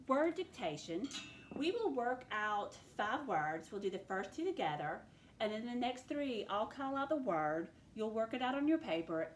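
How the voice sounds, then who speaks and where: A woman teacher leading a recorded phonics lesson, clearly sounding out words and letters for her students. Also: mid-range voice, reverberant, a little hiss or hum. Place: classroom with a board.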